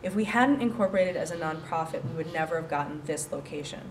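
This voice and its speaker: A deep-voiced woman talks fast while pitching her coworking space to an audience. Her presentation is chatty, joking and animated, punctuated by frequent laughter, and she sounds roomy and distant with a little background noise.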